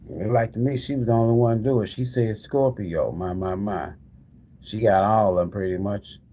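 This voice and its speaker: A man's voice: lowish voice, steady tone, moderate pace, warm tone, a little hiss or hum. A man hosting a tarot live stream, chatting casually with viewers and repeating the same calls to them over and over. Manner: talks straight to the viewers as "y'all". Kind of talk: casual live-stream chat, giving away prizes.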